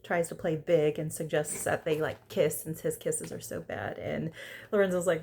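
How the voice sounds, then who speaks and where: Lady ranting about a dating show, kinda low voice, lots of fry, acts out the quotes. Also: normal speed, a little mellow. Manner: chatty and opinionated, quoting cast members in put-on voices. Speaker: reality show reviewer. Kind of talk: casual recap chat.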